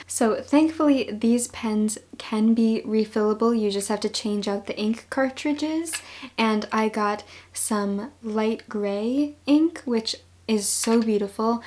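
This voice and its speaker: Gushing Long Island woman, bright voice. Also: fairly high pitch, slow pace. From New York. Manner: chatty and gushing, laughs often. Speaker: book vlogger. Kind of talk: casual haul vlog.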